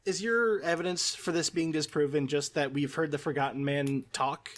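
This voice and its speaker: A man's voice: a little high, steady tone, normal speed, a little hiss or hum. A man hosting a casual reaction chat with friends, playful and argumentative, swearing often. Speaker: host of a reaction show.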